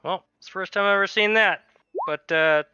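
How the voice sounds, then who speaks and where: A man's voice: high-pitched, a little fast, sharp tone, clear, resonant tone, no echo, dull audio. A man playing a tabletop game in an easygoing manner. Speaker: player. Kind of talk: casual tabletop play.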